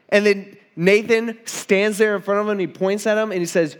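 A man's voice: high voice, fairly even intonation, normal speed, few pauses, smooth. A man preaching a sermon in a casual, conversational way, retelling a story and acting out its dialogue. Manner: conversational, acts out dialogue, many restarts.

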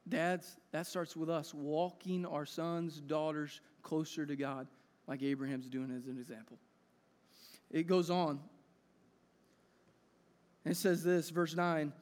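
Male pastor, sermon, earnest and conversational, high voice, echoing hall. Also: a little slow, fairly bright tone. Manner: earnest, conversational, builds to emphatic peaks. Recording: echoey hall reverb.

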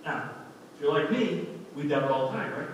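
A man's voice: on the high side, lively intonation, normal speed, slight background noise. A male pastor delivering a sermon in an earnest, conversational way that wanders into side stories. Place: church sanctuary. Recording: echoey hall from far off.

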